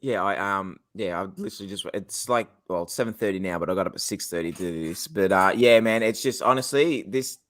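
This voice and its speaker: A young Australian man with an Australian accent, chatting casually on a podcast, rambling, excitable and swearing a lot. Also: deep voice, fairly quick, hardly any pauses. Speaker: podcast co-host. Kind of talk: casual chat.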